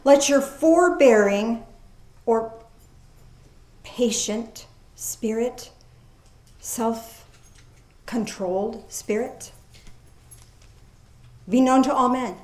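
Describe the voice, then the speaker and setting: Woman pastor preaching, unhurried and folksy, slightly high voice, echoey room. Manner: lively, folksy preaching with asides and laughs; reads scripture aloud slowly, then comments. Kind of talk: sermon.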